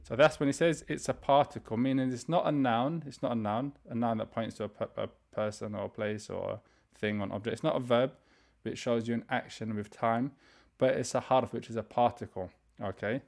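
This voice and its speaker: A man teaching an online beginner's language class, explaining grammar step by step and reading vocabulary slowly for students to repeat. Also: medium pitch, steady tone, vocal fry, darkish tone. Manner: explains step by step, reads words slowly for repetition; frequent fillers and restarts, conversational. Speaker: Arabic teacher.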